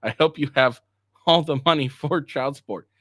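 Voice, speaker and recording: A man's voice: a little high, moderate pace, fairly bright tone, dry recording, studio quality. A man streaming live, reading messages aloud and mocking them with frequent swearing and laughter. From Asian heritage. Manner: profane, mocking, reads texts aloud verbatim. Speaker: streamer reacting to a podcast drama. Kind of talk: live reaction commentary.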